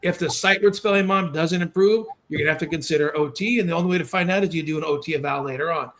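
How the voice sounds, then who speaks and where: A man hosting a podcast, explaining reading steps in a quick, encouraging, coaching way. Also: a little high, fairly bright tone, a little hiss or hum. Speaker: podcast host and reading instructor. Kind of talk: conversational coaching.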